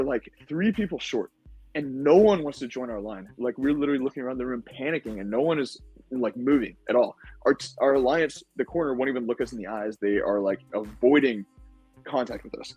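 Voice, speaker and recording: A young man speaks as a podcast guest, retelling his time as a game-show contestant in loose, animated storytelling full of fillers. His voice sits at an ordinary pitch with a husky, slightly rough edge. Faint music plays behind him. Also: low-quality recording. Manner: animated recounting with many fillers. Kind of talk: casual storytelling.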